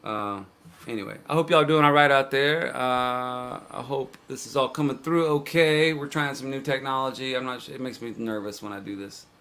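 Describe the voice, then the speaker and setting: A man's voice: mid-range voice, moderate pace, fairly bright tone, a little hiss or hum. A man hosting his own livestream show, chatting casually between songs as a laid-back storyteller with dry jokes. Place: indoors, streaming live. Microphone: stream cameras.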